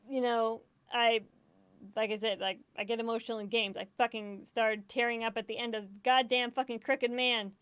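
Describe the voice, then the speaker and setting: A woman's voice: on the high side, flat delivery, moderate pace, a bit bright, smooth, dry recording. A woman gaming streamer in casual chat, rambling, swearing often and laughing easily, self-deprecating and emotional.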